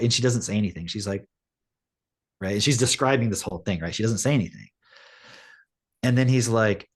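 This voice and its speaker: A man co-hosting a podcast, retelling a story in casual chat, rambling and filling every pause with "like". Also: lowish voice. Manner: rambling storytelling, heavy use of "like". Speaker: podcast co-host.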